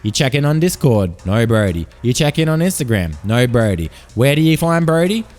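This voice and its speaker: A man's voice: mid-range voice, big pitch swings, moderate pace, darkish tone, faint music behind. An Australian man hosting a podcast, telling crude, profane tall tales in a rambling comic monologue. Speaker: podcast host.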